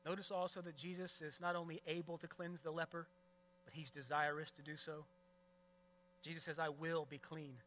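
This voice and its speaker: A male pastor preaching a sermon in an earnest, emphatic way, moving between loud stresses and hushed moments. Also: a little high, flat delivery, moderate pace, a little hiss or hum, rough recording.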